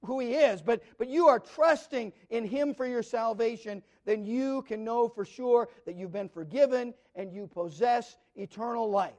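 A man's voice: high voice, a little mellow. A man preaching a Bible study sermon in an earnest way, repeating words and posing rhetorical questions to his listeners.

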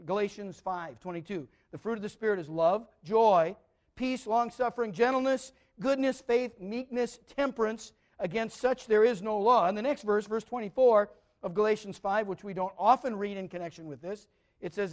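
High-voiced preacher with emphatic swings. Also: male voice, steady tone, moderate pace. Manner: repeats words as he restarts, asks the audience "right?"; swings between loud emphatic lines and quiet asides. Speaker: pastor. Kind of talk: sermon.

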